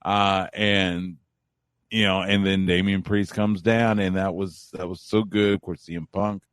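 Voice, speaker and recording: A low-voiced man calling in as a radio guest, talking loosely in a casual chat. He rambles and restarts his thoughts, and his voice sounds dry and close. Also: measured pace, smooth, no room sound. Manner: relaxed, rambling, frequent restarts. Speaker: wrestling talk show guest. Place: Central Texas.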